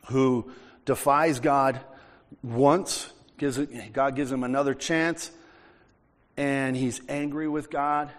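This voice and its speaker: A man from the United States preaching a sermon, reading scripture aloud and then explaining it in a conversational way. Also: medium pitch. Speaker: pastor. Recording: long hall reverb.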